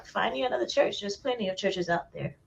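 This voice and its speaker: A woman from Haiti talking earnestly in casual podcast chat, sometimes stopping and restarting mid-sentence. Her voice sits at a middle pitch, and the recording sounds slightly dull and lo-fi. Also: a little fast, creaky.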